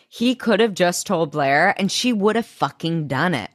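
A young woman with a deep, low voice co-hosts a casual recap podcast. She narrates the scenes bluntly and drops frequent swear words. The sound is dry and close. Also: animated, moderate pace, few pauses, no echo. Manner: dramatic retelling, blunt and swearing. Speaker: podcast co-host.

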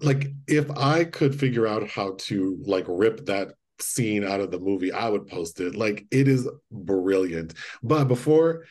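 A man co-hosting a podcast, retelling movie scenes in a casual, animated way and acting out the lines. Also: lowish voice. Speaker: podcast co-host. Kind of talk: casual chat.

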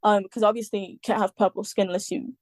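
A woman's voice: mid-range voice, steady tone, fast talker, darkish tone, dry recording. A woman talking as a podcast guest in casual chat, rambling with many fillers and the odd swear word.

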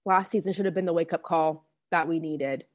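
Canadian-raised woman, low flat voice, calm panelist. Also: brisk. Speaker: podcast panelist. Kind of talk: casual podcast chat.

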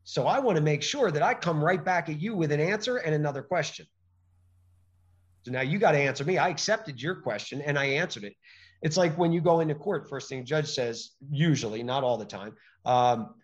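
A man speaking as a podcast guest, emphatic and animated, often acting out little exchanges as he explains. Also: fairly high pitch, normal speed, dull audio. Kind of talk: conversational interview.

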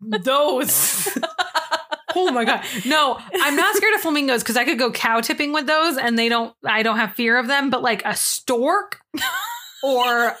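A woman's voice: high-pitched, measured pace, pushed and bright. A young woman co-hosting a podcast in casual chat, rambling and giggly, swearing freely. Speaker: podcast co-host.

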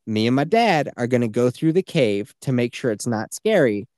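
A man's voice: mid-range voice, big pitch swings, moderate pace, a little mellow, no room sound, studio quality. A man in his thirties, a podcast host, telling a story in casual chat, swearing freely and acting out the people he quotes.

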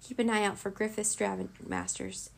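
A woman's voice: mid-range voice, very animated, normal speed, creaky, low-quality recording. A woman voicing a domineering male wizard villain in a children's storybook, cold and commanding. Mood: scheming.

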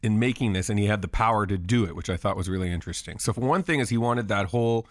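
A man co-hosting a podcast, calmly explaining film history in casual chat. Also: fairly low pitch, fast, no echo, studio quality. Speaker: podcast co-host.

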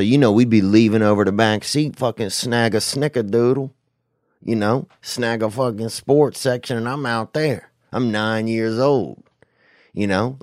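A man's voice: lowish voice, no room sound, studio quality. A man hosting a talk show, telling rambling comic stories full of slang and swearing. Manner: profane, animated, slangy. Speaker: podcast host answering listener questions. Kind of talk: rambling comedic storytelling.

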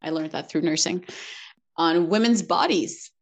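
A woman speaking earnestly and reflectively as a podcast guest, telling a personal story with quick asides and light laughs. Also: fairly low pitch.

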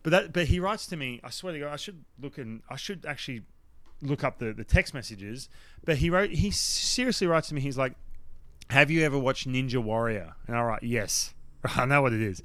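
A man's voice: mid-range voice, a little fast, dry recording. A man telling a story in casual chat, acting out the quotes. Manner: animated storyteller, acts out quotes loudly. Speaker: podcast guest telling a story.

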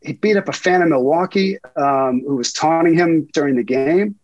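A man's voice: on the high side, moderate pace, darkish tone, no room sound, lo-fi sound. A middle-aged man and guest reporter telling profane anecdotes in a casual interview, laughing often.

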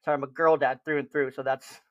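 A young man co-hosting a podcast, chatting casually and acting out gentle reassuring lines to a lost child. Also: medium pitch, level tone, fast talker, muffled recording. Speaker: podcast host. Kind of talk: casual chat.

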